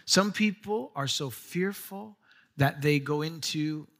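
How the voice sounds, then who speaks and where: A middle-aged man preaching a sermon as pastor, earnest, slowing down to read scripture and lifting his voice when he urges. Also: fairly bright tone. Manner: earnest preaching, slows for scripture, rises in pitch when urging.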